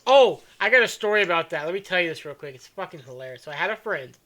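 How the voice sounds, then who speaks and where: Podcast host, crude joker, bright edgy tone, mid pitch. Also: animated, fast. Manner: crude joking storyteller. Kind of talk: casual chat.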